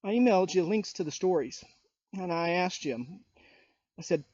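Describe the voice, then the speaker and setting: A man's voice: high-pitched, expressive, moderate pace, a little mellow, dry recording, dull audio. A man ranting on his vlog, indignant, calling people out by name and firing rhetorical questions at them. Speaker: YouTuber. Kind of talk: political rant vlog.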